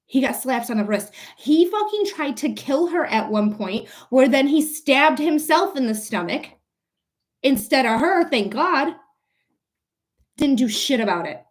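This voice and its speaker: Angry, profane woman ranting on a livestream. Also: high-pitched. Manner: angry, profane, addresses chat viewers by name. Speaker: livestream psychic reader. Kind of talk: live-stream chat and rant.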